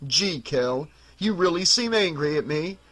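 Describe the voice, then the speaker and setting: A man's voice: a little high, lively intonation, measured pace, fairly bright tone. A man reading an audiobook, voicing a mocking, grinning undead older brother with a sarcastic, taunting manner.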